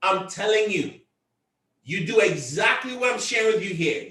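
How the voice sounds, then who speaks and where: A man's voice: high-pitched, expressive, normal speed, bright, forceful tone, reverberant, distant mic. A man leading a convention call with a motivational pep talk. He hammers points home by repeating himself and often raises his voice. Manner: emphatic and repetitive, often raising his voice. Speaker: team leader addressing a convention call.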